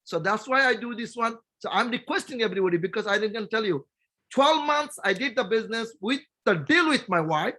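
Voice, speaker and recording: A middle-aged man with a Bangladeshi accent, telling his own story in a persuasive, animated motivational talk to people on a call. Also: high-pitched, fairly quick. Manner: storytelling, animated and persuasive, talking to the listeners directly. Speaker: company executive speaking on a group call.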